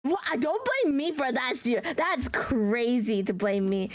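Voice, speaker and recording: A woman's voice: a little high, unhurried. A woman streamer chatting live with her viewers, giggly and playful, teasing them with dramatic mock outrage.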